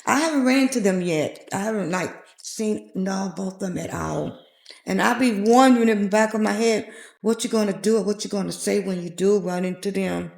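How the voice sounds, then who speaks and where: A woman's voice: medium pitch, moderate pace, vocal fry, a little mellow. A middle-aged woman earnestly telling a heartfelt personal story as a podcast guest. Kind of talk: personal testimony in a podcast interview. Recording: echoey room.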